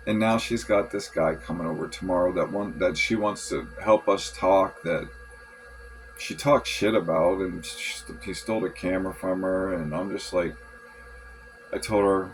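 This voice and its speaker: Frustrated man ranting to camera, low pitch, halting restarts, light music underneath. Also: fairly even intonation, poor audio. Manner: frustrated, rambling, swearing, many restarts. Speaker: vlogger. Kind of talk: venting journal monologue.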